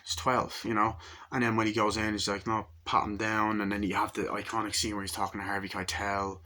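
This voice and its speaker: A man's voice: on the low side, monotone, a little fast, pushed and bright. A young man giving a casual movie review, rambling and acting out lines from the film in raised voices.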